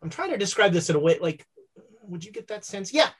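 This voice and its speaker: Husky-voiced woman running a tabletop game. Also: medium pitch, sing-song. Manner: halting, full of fillers and restarts. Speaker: game master.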